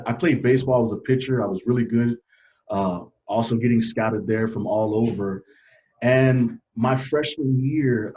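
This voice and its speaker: A man telling stories from his life as a guest in a casual interview, earnest and animated, often laughing. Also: on the low side. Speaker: podcast guest. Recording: dull lo-fi sound.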